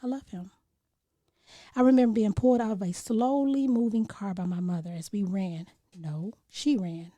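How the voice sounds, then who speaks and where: A woman's voice: mid-range voice, moderate pace, warm tone, no echo. A woman on a podcast reciting a spoken-word poem in an earnest voice that sinks at times into near whispers. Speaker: podcast guest.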